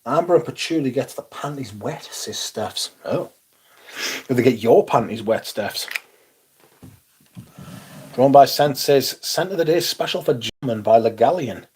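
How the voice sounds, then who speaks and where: Husky-voiced Northumbrian man. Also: medium pitch, animated, a little slow, pauses often, a little mellow. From northeast England. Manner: profane, blunt, reading chat aloud. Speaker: livestream host. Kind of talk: casual livestream chat.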